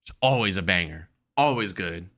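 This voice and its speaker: A man co-hosting a casual wrestling podcast, talking excitedly with plenty of swearing. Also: deep voice, moderate pace. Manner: excitable, profane, acts out quotes. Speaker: podcast co-host.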